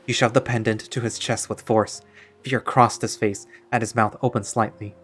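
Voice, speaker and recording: A man's voice: on the low side, flat delivery, moderate pace, breathy edge, soft background music. Man narrating a story in second person.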